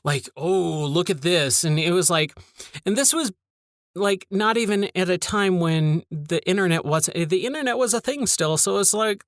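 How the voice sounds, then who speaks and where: Guy hosting a podcast, kinda high voice, dry close sound, rambling and fed up. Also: lively intonation, normal speed, dry recording. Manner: candid, rambling, exasperated. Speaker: podcast host. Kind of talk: casual monologue.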